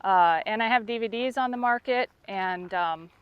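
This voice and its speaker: A woman's voice: medium pitch, moderate pace, clean tone, dry recording, lo-fi sound. A woman dog trainer making a direct, impassioned appeal to the camera, openly emotional as she speaks.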